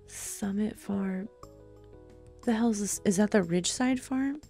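A woman hosts a let's play, offering casual commentary as she games. She's excitable, exclaiming and thinking aloud while talking directly to viewers. Her voice is medium-pitched and a little slow, with soft music in the background.

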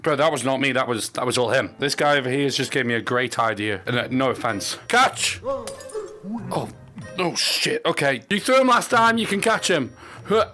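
A man with a raspy, hoarse voice from being ill, joking and swearing excitedly as he commentates a game. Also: mid-range voice, moderate pace, soft background music. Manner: excitable, joking, swears often, bursts of shouting. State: hoarse from illness. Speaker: gaming video host. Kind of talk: casual gameplay commentary.

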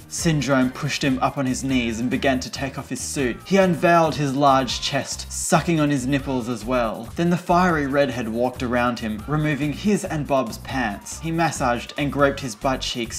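A man reading fan fiction aloud in a casual way, breaking off for sarcastic asides as the channel host. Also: medium pitch.

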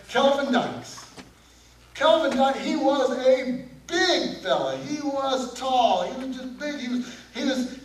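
A male pastor preaching a sermon, animated, throwing questions out to his congregation. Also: very high voice. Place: church sanctuary. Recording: echoey sanctuary, distant mic, faint room noise.

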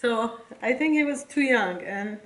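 A middle-aged woman reading old letters from her sons aloud, tender and halting, close to tears. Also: a little high, expressive, background noise. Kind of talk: emotional casual vlog reading.

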